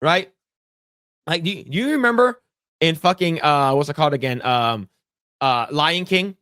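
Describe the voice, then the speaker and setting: A man hosting a casual podcast chat, swearing freely and acting out quotes in a loud, high voice. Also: normal speed, clean tone, dry recording, studio quality. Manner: animated, profane, acts out quotes in a loud high voice. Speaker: podcast host.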